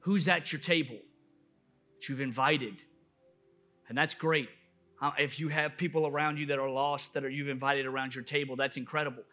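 A man's voice: mid-range voice, steady tone, normal speed, sharp tone, soft background music. A man preaching a sermon as a pastor, building with emphatic, repeated questions. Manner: impassioned preaching with rising emphatic repetition.

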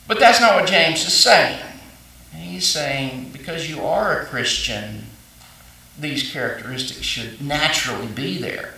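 Man preaching, bright voice, a bit high, heard from a distance in a roomy, echoey church. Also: unhurried, vocal fry. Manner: folksy storytelling with frequent fillers and restarts. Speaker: pastor. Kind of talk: sermon. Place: church sanctuary.

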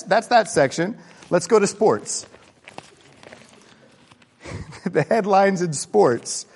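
Animated pastor preaching in a reverberant hall. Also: male voice, mid-range voice. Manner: animated, conversational, jumps between hushed and excited. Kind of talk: sermon. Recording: long reverb of a large hall.

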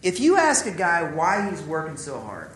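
A man's voice: fairly high pitch, wildly swooping pitch, moderate pace, a bit bright, roomy sound. A man, preaching a sermon, telling stories and asking his listeners questions. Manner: storytelling, acts out quotes, asks the audience questions.

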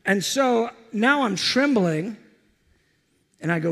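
A man preaching, telling a story with animated, excited energy. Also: high voice, normal speed, in a large hall. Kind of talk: storytelling sermon.

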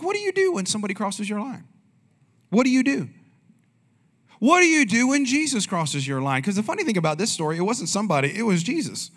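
A man with a notably high voice preaches in a loose, talky way, firing questions at the congregation and bouncing between jokes and scripture. He sounds like a young adult pastor speaking from the pulpit. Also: fairly bright tone. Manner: conversational, asks the congregation questions. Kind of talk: sermon.

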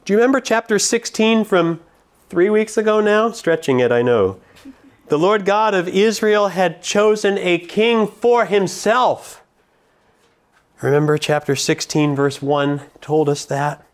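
A man's voice: high-pitched, animated. Man preaching an expository sermon. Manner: expository, with slow emphatic scripture readings.

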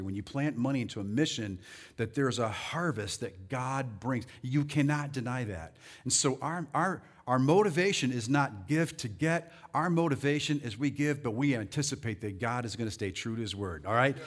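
A male pastor preaching a sermon, rallying the congregation and reading scripture slowly and deliberately. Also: medium pitch. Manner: animated, rallies the crowd with "come on".

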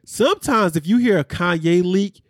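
Man hosting a podcast, animated and candid, talking in a somewhat high voice with dry, close sound. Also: normal speed, no echo. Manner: animated, candid, slangy with asides to listeners. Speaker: podcast host recapping reality TV. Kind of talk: casual chat.

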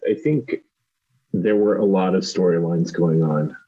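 A man's voice: deep voice, unhurried, warm tone, husky, highs cut off. A man from Southern Indiana co-hosting a podcast, reviewing a show in casual chat and hedging with many restarts. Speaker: podcast co-host.

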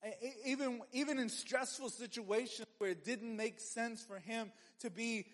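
A man's voice: very high voice, steady tone, moderate pace, a bit bright, in a large hall. A man preaching a sermon as a pastor, in a conversational way with joking asides and frequent restarts.

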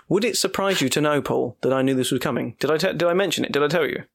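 A man's voice: on the high side, a little fast, gravelly, slightly rough. A man hosting a podcast in casual chat, giggly and self-mocking as he rambles. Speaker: podcast host.

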